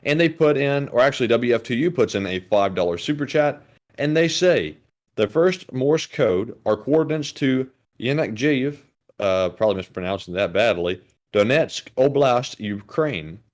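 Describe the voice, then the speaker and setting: Deliberate male co-host reading messages. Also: medium pitch. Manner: deliberate, works to avoid a monotone. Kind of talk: live stream chat reading.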